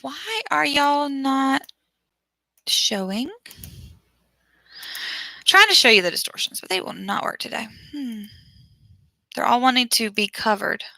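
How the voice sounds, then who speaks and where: A chatty woman with a fairly high, bright voice that has a gravelly edge. She talks casually to viewers from a home teaching setup, laughs often and trails off mid-sentence while she searches her screen. The sound is dry and close. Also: animated, measured pace, long pauses, no room sound, poor audio. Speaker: online teacher. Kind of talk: casual livestream chat with viewers.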